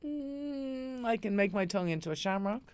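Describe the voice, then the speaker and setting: A woman with an Irish accent hosting a studio podcast and telling stories in an expressive, playful way. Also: a little high, normal speed, clear, resonant tone. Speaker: podcast host. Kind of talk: podcast interview chat.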